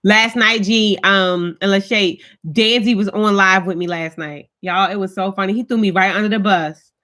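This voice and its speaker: Her voice is mid-range and pushed and bright, with fairly even intonation and a moderate pace. She's a vlogger live streaming indoors at home, casually telling stories and greeting commenters by name.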